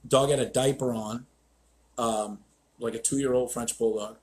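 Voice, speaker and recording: A man's voice: mid-range voice, fairly even intonation, a little slow, darkish tone. A man hosting a live stream as a dog trainer, telling stories in a blunt, profane, ranting way.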